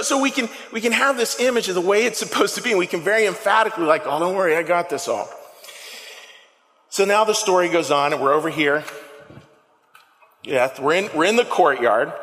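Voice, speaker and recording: A man with a high, bright voice gives an animated sermon and keeps asking the people in the pews questions. His voice rings out in a long reverberant church hall. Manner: animated, conversational, asks the congregation questions. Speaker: pastor. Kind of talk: lively sermon. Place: church sanctuary. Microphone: handheld microphone.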